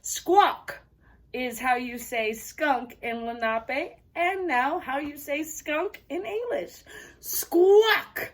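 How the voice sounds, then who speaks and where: A woman teaching young children in a playful, animated way, with many excited exclamations. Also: high voice, slow pace, hardly any pauses, far from the mic. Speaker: arts camp teacher. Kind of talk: children's lesson with pretend play.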